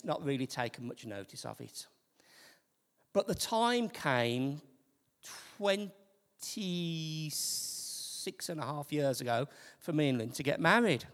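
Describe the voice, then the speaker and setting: A man in his fifties with a Birmingham accent delivers a sermon. His gravelly voice climbs and falls freely, and he drops from loud emphasis into soft near-whispers. The sound rings with a long hall reverb. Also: medium pitch. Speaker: preacher. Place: church hall.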